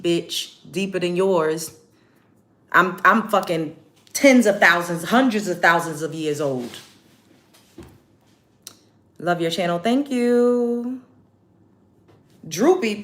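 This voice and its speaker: This livestream host has a mid-range voice that sounds pushed and bright. She's at home putting on makeup during a casual stream, reading comments aloud with a brash, combative attitude.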